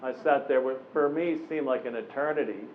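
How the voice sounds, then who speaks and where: A man in his forties giving a keynote address to a room, telling animated personal stories and briefly voicing the people he quotes. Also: medium pitch, fairly quick. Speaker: keynote speaker. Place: conference room with a live audience. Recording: tinny phone-like recording with faint noise.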